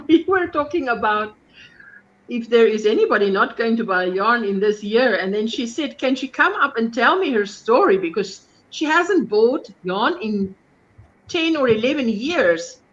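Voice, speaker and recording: A woman's voice: fairly high pitch, lively intonation, a little slow, a bit bright, highs cut off. A South African woman hosting a casual live stream, chatting and reading viewer comments aloud. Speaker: crochet live stream host.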